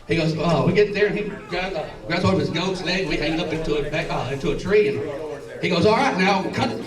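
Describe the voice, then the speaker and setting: A man's voice: sits high, very animated, fairly quick, fairly bright tone. A man with a Southern accent doing a stand-up set in a comedy club, rambling and stammering through restarts, swearing and chuckling at his own lines. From Alabama and Tennessee. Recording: roomy club sound, from a distance.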